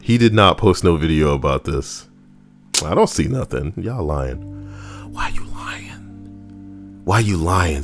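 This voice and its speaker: A man hosting a live reaction stream, chatting casually and wryly and talking back to his viewers. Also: rumbling low. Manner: wry, chatty, talks back to chat.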